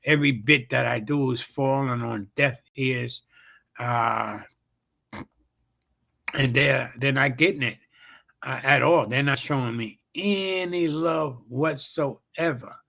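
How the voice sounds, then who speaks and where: Male comedian host, gravelly and forceful, tells stories loosely and profanely with lots of fillers. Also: mid-range voice, slow. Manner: rambling and profane, heavy on fillers and repeated "bam, bam". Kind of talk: casual storytelling on a livestream show.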